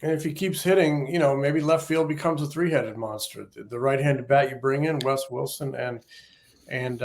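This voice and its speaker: A man on a casual baseball talk show, relaxed and reminiscing. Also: mid-range voice.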